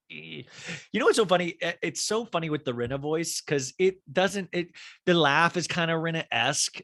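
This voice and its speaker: A man hosting a podcast, recapping a reality show in a chatty, gossipy, animated way. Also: a little high, normal speed, no echo, clean studio sound. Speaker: podcast host. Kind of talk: casual TV recap chat.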